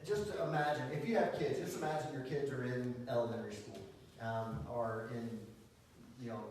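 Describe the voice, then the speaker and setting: Male pastor, mid pitch, conversational sermon with fillers; distant mic, big echoey hall. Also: a little hiss or hum. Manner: conversational, animated preaching with many fillers and restarts.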